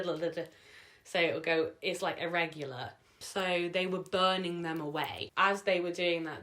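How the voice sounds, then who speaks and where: A woman's voice: low voice, a bit bright. A young woman vlogging at home, telling a personal story in a rambling, emotional way, full of "like" and "sort of". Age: young adult. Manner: emotional, sometimes tearing up.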